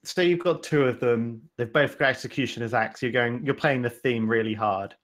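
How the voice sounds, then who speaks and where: A man's voice: medium pitch, moderate pace, a bit bright. A man co-hosting a podcast, thinking aloud and posing questions in a casual card game chat. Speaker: podcast co-host.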